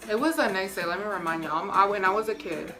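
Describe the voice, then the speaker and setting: A young woman telling a storytime vlog in a chatty, slangy way, talking right to her viewers. Her voice sits at an ordinary middle pitch. Music plays clearly behind her. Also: fast talker. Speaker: vlogger.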